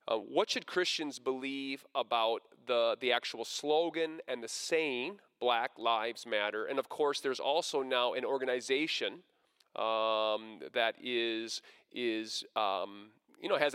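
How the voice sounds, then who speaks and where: A man asking a long question hesitantly, with many pauses and fillers. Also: medium pitch, a bit bright, clean tone. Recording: long hall reverb.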